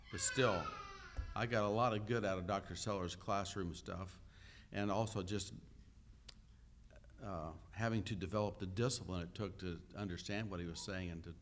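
Man, low voice, sermon, conversational teaching, frequent "uh" pauses. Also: a little hiss or hum. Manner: conversational, asks the listeners questions. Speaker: pastor.

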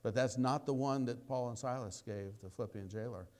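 In a medium-pitched voice and at a fairly quick pace, a man delivers a sermon as a folksy tale, sometimes murmuring asides and sometimes exclaiming loudly.

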